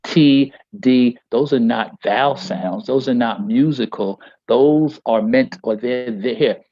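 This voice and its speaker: A man's voice: mid-range voice, takes it slowly, dark tone, dry recording, muffled recording. A man teaching a poetry workshop on a video call. He speaks emphatically and rhythmically, stretching key phrases and often checking in with "all right?".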